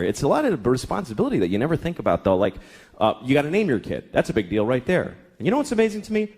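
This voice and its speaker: A man's voice: on the high side, a little mellow. A man in his thirties doing stand-up comedy, profane and exasperated, sometimes acting out voices. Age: 30s. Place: comedy club stage before a laughing crowd. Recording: live club recording with crowd noise.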